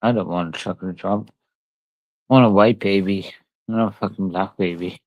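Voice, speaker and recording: A man's voice: deep voice, fairly even intonation, normal speed, no room sound, highs cut off. A drunk man, ranting on a livestream in a profane, rambling and repetitive way. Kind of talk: angry livestream rant.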